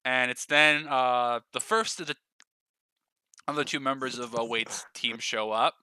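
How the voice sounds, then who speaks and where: A man's voice: medium pitch, steady tone, a little slow, bright, forceful tone, clean tone, dry recording. A man narrating a tabletop game as game master, in a loose, rambling way with lots of fillers.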